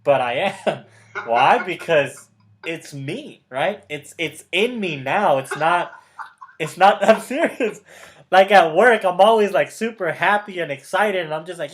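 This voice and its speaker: A man with a high-sitting voice and lively intonation, speaking unhurriedly, acts as a motivational mentor in casual coaching chat. He's enthusiastic and emphatic, repeats key words, calls the listener brother or bro, and often laughs mid-sentence.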